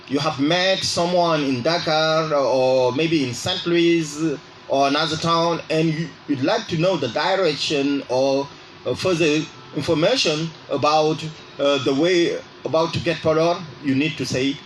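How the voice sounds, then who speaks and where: A man hosting a radio English lesson, speaking slowly and repeating phrases so listeners can drill them. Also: fairly high pitch, slight background noise, rough recording. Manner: exaggerates rising intonation on example phrases. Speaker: radio English teacher and host. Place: radio studio.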